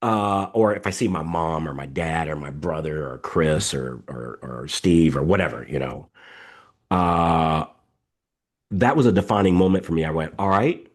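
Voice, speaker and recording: A middle-aged man hosting a live coaching session over a video call, talking emphatically, repeating himself, and telling stories. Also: deep voice. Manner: emphatic, repetitive, animated storytelling. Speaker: coaching host. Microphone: video call microphone.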